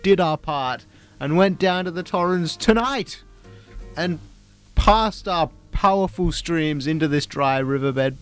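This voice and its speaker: A man's voice: fairly high pitch, takes it slowly, fairly bright tone, smooth, soft background music. A man co-hosting a comedy radio show, speaking in a pompous, mock-serious way. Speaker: radio co-host.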